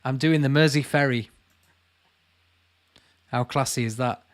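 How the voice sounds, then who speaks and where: A man in his late thirties with a Lancashire accent, hosting a relaxed livestream. His voice sits at a middling pitch. He reads out comments and answers them in a friendly, chatty way, often calling people mate. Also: unhurried. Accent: Lancashire English. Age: late 30s. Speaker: channel host answering live chat. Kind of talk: casual livestream chat.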